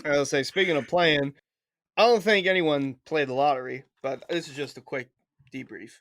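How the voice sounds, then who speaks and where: A man's voice: fairly high pitch, moderate pace, fairly bright tone. A man co-hosting a podcast, wry and teasing in casual chat. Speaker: podcast co-host.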